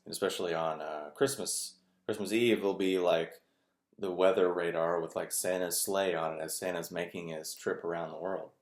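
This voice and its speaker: A man's voice: sits low, steady tone, moderate pace. A man talking in a casual, rambling monologue with lots of fillers. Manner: rambling, filler-heavy, conversational. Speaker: video host. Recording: echoey room.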